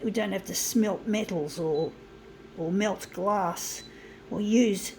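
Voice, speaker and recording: A woman vlogger delivering a furious, profane rant straight to her viewers. She swings between shouting and grumbling under her breath. Her voice sits in a middle pitch over a faint hum of background noise. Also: slow. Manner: profane, ranting, shouts and then drops to muttering. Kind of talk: angry rant to camera.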